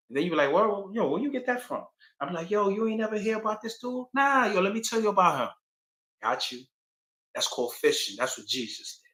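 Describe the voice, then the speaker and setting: A man's voice: mid-range voice, sharp tone, reverberant, rough recording. A man talking casually and rambling straight to his viewers on a livestream. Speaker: livestream host.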